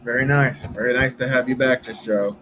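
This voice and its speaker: A man's voice: medium pitch, fairly even intonation, fairly quick, fairly bright tone, a little hiss or hum, rough recording. A man live streaming, chatting casually with viewers in a rambling, profane way.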